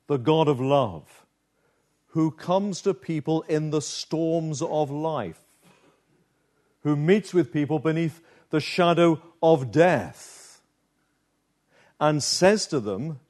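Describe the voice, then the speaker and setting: Slow and dramatic, a man's sermon unfolds with many pauses, his voice dipping low and gentle to underline key moments.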